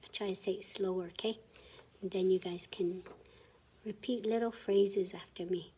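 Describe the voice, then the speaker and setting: A woman teaching a language lesson, patiently breaking words into syllables for students to repeat and often dropping to a soft half-whisper. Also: mid-range voice, fairly even intonation, normal speed, husky.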